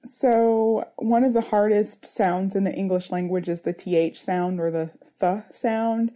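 A woman's voice: mid-range voice, steady tone, unhurried, mellow. A woman in her thirties, a mother speaking earnestly in an interview, searching for words with many fillers. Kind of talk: reflective personal interview.

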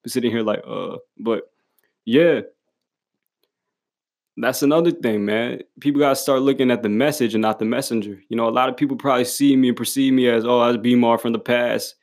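Speaking briskly in a mid-range, slightly mellow voice, a young man delivers a casual motivational talk straight to the camera. He's profane and emphatic, leaning on blunt street slang and laughing often as he goes.

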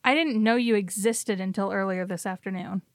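A woman's voice: medium pitch, normal speed, no room sound, clean studio sound, close to an everyday voice. A woman voicing a distrustful young woman who confronts a stranger, blunt and prone to stammering and swearing. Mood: suspicious.

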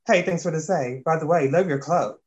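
A man's voice: fairly high pitch, normal speed, highs cut off, natural voice. A man reading as a vain chatty fairy girl. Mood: fussy.

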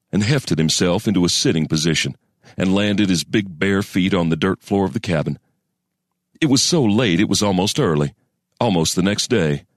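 A man narrating a western story in a folksy storyteller cadence with deliberate pauses. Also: deep voice, no echo, studio quality. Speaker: audiobook narrator.

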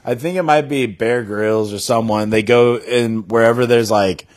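A man's voice: mid-range voice, normal speed. A man co-hosting a podcast, joking crudely and laughing often in casual banter. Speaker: podcast co-host.

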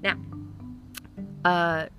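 A woman's voice: lowish voice, little pitch movement, very slow, over music. A woman in her thirties telling comic stories about her kids in a casual, rambling, profane way. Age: 30s. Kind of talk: casual comic storytelling to camera.

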